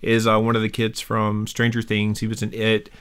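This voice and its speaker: A man hosting a podcast in casual chat, animated and playful, sounding sick with a cough. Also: lowish voice, moderate pace, clear, resonant tone. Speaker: podcast host.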